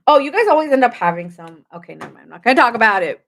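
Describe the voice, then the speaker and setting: A woman's voice: on the high side, big pitch swings, rapid-fire, a bit bright. A woman giving a casual late-night tarot reading, chatty and goofy, joking often. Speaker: tarot reader.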